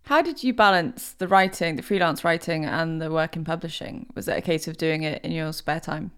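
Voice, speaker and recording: A woman co-hosting a podcast, asking interview questions in a measured, clear way. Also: low voice, a bit bright. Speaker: podcast co-host.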